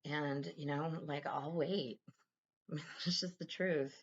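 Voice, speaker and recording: A woman's voice: low voice, fairly even intonation, slow, slightly rough, highs cut off. A woman talking candidly in a casual personal vlog, rambling and swearing freely. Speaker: vlogger.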